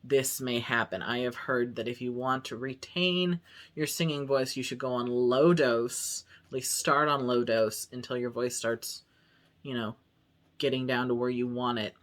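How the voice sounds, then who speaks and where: A man's voice: mid-range voice, steady tone, a little slow, a bit bright. A young trans man in a casual vlog monologue, rambling and candid as he talks openly about his body. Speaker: vlogger.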